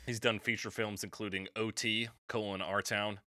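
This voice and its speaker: Low-voiced man in casual wry chat. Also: flat delivery, moderate pace, pushed and bright. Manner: wry, joking, swears casually. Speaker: podcast co-host.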